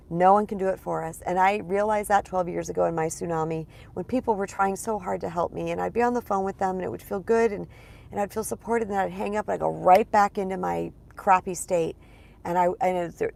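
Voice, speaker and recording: A woman with a lowish, gravelly voice talks straight to her viewers as a spiritual coach. Her delivery is loose and chatty, hammering points home by repeating words and calling the audience "you guys.". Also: a little mellow. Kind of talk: casual vlog monologue.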